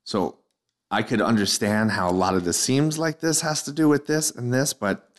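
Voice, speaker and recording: A man's voice: mid-range voice, fairly even intonation, normal speed. A man, a comedian guest on a podcast, who talks hesitantly, stammering and running himself down. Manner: hesitant, stammering, self-deprecating. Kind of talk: casual podcast chat.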